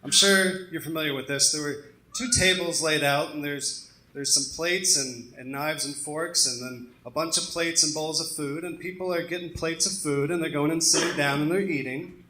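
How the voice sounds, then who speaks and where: A man's voice: on the high side, moderate pace, sharp tone. A young man from the American South doing a self-deprecating stand-up set on a comedy club stage, with lots of ums. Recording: echoey club room with crowd laughter.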